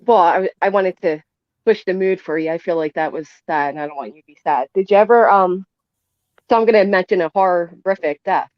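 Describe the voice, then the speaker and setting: A woman with a Philadelphia accent talks casually, her voice sitting on the low side. The sound is dry and dull, like a lo-fi recording with no room around it. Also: fairly quick, no echo. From near Philadelphia. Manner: chatty, self-conscious about her accent. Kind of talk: casual podcast chat.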